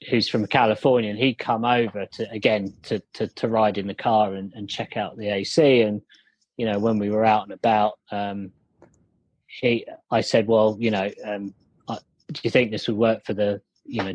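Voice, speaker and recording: A man's voice: on the low side, little pitch movement, normal speed, darkish tone, no room sound. A man telling a story over a call, rambling with many fillers and restarts. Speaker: guest, company founder. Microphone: video call.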